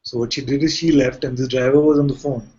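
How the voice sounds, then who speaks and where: A man's voice: medium pitch, fairly even intonation, fast, dark tone, slightly rough. A man who is a spiritual teacher, giving a conversational talk to a gathering and often asking rhetorical questions. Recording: muffled lo-fi recording.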